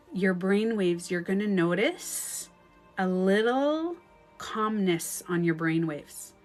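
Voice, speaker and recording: A woman's voice: medium pitch, animated, very slow, long pauses. Woman relationship coach on a casual livestream: blunt, emphatic, swears freely, voices inner thoughts aloud, faint music underneath. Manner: acts out inner thoughts in quoted asides. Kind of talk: casual livestream advice talk.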